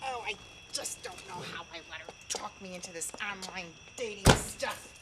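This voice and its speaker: A woman's voice: mid-range voice, moderate pace, heavy background noise, natural voice. An actress playing an elderly widowed mother who sighs and groans through her complaints in a comedy sketch. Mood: exasperated. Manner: sighing, groaning, exasperated storyteller. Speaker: comic character. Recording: echoey room, mic far off.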